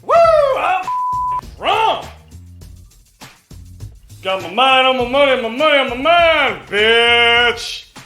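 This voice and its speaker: Man doing a drunk male house announcer, boisterous, high and swooping voice, drawn-out delivery, music behind. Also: animated, echoey room, full character voice. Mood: rowdy hype. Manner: boisterous, slurring, over-the-top hype. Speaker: show announcer.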